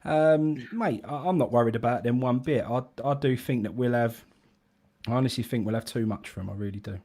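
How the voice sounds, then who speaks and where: A man's voice: medium pitch, a little fast, warm tone. A man co-hosting a casual fan stream, blunt and full of "mate". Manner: blunt, keeps saying mate, swears. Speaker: fan show co-host. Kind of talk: casual football fan chat.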